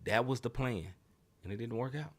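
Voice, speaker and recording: A young man co-hosting a casual sports podcast, animated and laughing often as he acts out quotes. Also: mid-range voice, a little fast. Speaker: podcast co-host.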